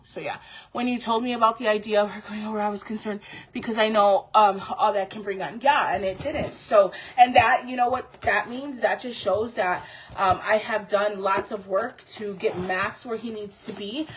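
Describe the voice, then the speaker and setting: Woman vlogger, 30s, slightly raspy, chatty, emotional, lots of ums. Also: on the high side, fairly bright tone. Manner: rambling, heartfelt, many fillers. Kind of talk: casual chat to viewers.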